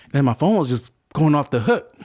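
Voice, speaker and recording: Brief: man in his 40s, fairly high voice, lively casual storyteller who plays out the dialogue. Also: a little fast. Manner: animated, acts out other people's lines. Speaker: podcast guest.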